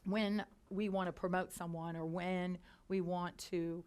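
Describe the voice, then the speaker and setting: A middle-aged woman, a company founder and CEO, telling anecdotes to a business audience, chatty with quick restarts and quoted dialogue. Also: fairly low pitch, little pitch movement, darkish tone. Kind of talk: storytelling talk to a business audience. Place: lecture hall.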